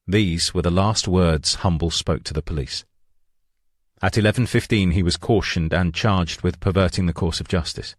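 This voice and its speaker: Male narrator, very low voice, measured true-crime reading, dry close mic. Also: no room sound. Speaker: audiobook narrator.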